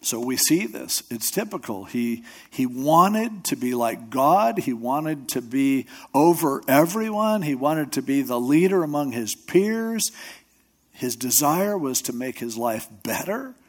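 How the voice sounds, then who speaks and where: A pastor and radio show host preaches in a conversational way, his medium-pitched voice expressive, a little slow, and a little mellow. He relies on storytelling, acting out quotes in other voices, with loose talk, restarts, and asides.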